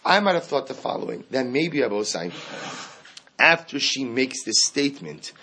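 A man teaching a Talmud class, animated, acting out the quoted speakers as he explains each case. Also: medium pitch, normal speed, a little hiss or hum. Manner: animated, acts out quoted speakers, mixes Aramaic terms into English.

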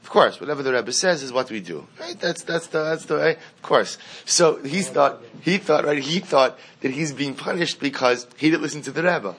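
A man's voice: fairly high pitch, expressive, normal speed, hardly any pauses, fairly bright tone. A man teaching a class, reading a Hasidic story aloud and translating it line by line, repeating words for emphasis as he explains. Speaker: Torah teacher.

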